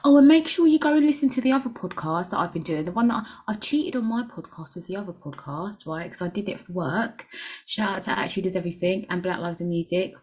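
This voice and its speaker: Young woman, podcast host, lowish voice, candid, crude humor, rambling. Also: fast talker, darkish tone. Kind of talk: casual solo podcast chat.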